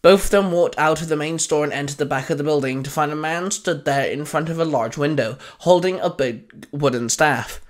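A man's voice: fairly high pitch, normal speed, hardly any pauses. A man hosting an audio storytelling channel, reading fan fiction aloud with upbeat, dramatic narration.

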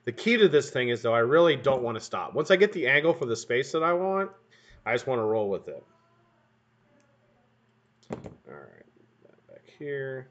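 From his home workshop room, a man rambles through a casual live stream while building vape coils at his workbench, swearing and throwing joking asides to the chat. His voice is a bit bright, with big pitch swings, a moderate pace, and long pauses. The stream audio is dull and lo-fi.

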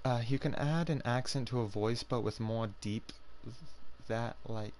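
A man streaming a fighting game, chatting casually with his viewers and often trailing off into quiet mumbles. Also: medium pitch, measured pace, a little hiss or hum. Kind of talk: casual gaming stream chat.

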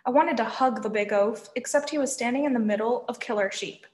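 A woman reading a novel aloud, narrating in a lively first-person voice, in an echoey room. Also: a little high, a little fast. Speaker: reader.

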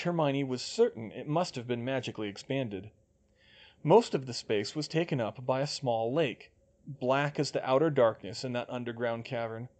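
A man reading a fantasy fan fiction audiobook aloud in an even, steady storytelling manner. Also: mid-range voice. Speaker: audiobook reader.

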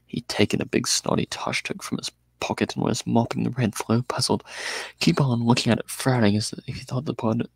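A man reading a novel aloud in the first person, in a measured, dramatic way. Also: mid-range voice, fairly even intonation, gravelly, slightly rough. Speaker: audiobook reader.

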